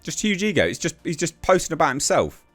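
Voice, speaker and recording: A man's voice: on the high side, big pitch swings, quick pace, fairly bright tone, soft background music. A man giving casual political commentary, blunt and exasperated, with mocking sarcastic asides.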